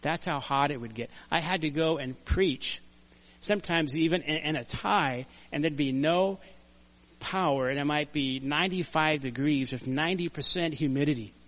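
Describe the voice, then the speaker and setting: An older man preaching a conversational sermon in a church, earnest and story-driven, dropping to quiet asides and rising to loud emphasis. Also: on the high side, moderate pace. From United States. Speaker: pastor. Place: church sanctuary.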